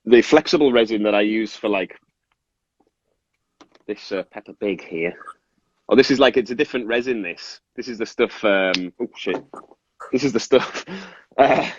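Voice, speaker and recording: A man's voice: lowish voice, normal speed, long pauses, husky, highs cut off. A man explaining his resin work in casual interview chat, rambling with fillers and restarts. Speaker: resin artist guest.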